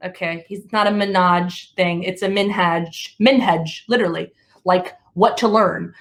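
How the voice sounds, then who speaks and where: A woman in her thirties from Alabama doing stand-up, telling stories in an animated, chatty way with laughs between lines. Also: fairly low pitch, unhurried. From Alabama, USA. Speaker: comedian. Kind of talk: stand-up comedy.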